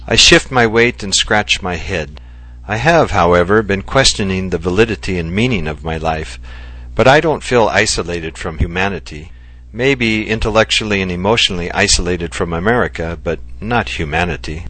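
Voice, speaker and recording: Deep, husky male storyteller. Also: normal speed, bright, forceful tone, no room sound. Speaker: narrator. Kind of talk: first-person story reading.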